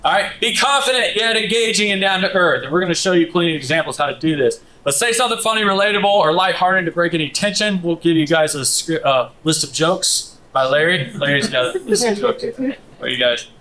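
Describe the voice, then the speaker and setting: A man teaching a live workshop, coaching the room in a brisk, direct way. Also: high voice, lively intonation, pushed and bright, low-quality recording. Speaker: instructor.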